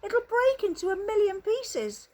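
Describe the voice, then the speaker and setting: A woman voicing an excitable, frightened old grandfather who squeals his exclamations in a high, strained voice. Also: unhurried, heavily acted. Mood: alarmed.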